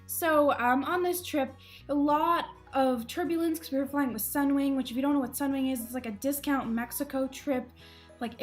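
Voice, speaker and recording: A young woman with a high, bright-pitched voice tells stories about her own mishaps straight to camera, chatty and self-mocking, often breaking into laughter. Soft music plays faintly underneath. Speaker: vlogger. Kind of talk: casual storytelling to camera.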